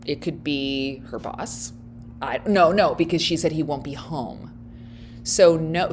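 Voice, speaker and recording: Woman host, casual reaction commentary, wry and chatty, very lively pitch, slightly low voice. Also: a little hiss or hum. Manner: chatty and wry, laughs often, thinks out loud.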